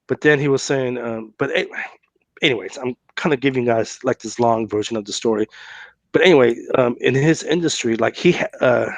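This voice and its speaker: A man's voice: mid-range voice, brisk, no room sound. A man hosting a podcast, telling a story in a loose, casual way with many fillers and "right?" tags. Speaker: podcast host.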